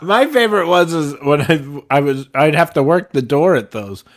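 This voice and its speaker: A man's voice: a little high, lively intonation, moderate pace. A man who once worked a comedy club door, adding wry remarks in casual chat among comics.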